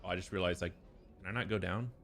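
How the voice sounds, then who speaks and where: A man streaming a video game, chatting casually, excitable and exclamatory, swearing often. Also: low-pitched, fast, a little hiss or hum. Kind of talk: casual gameplay chat.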